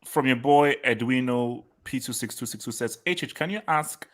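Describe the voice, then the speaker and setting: A man's voice: medium pitch, moderate pace, fairly bright tone. A man hosting a casual live football chat, reading out viewer comments, laughing and repeating himself. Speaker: host.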